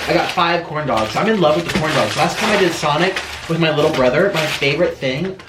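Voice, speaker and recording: A man hosting a chatty eating vlog at home, talking in a theatrical sing-song way that swings from loud bursts to mumbles. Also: on the high side, expressive, fairly quick, very noisy. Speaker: mukbang host.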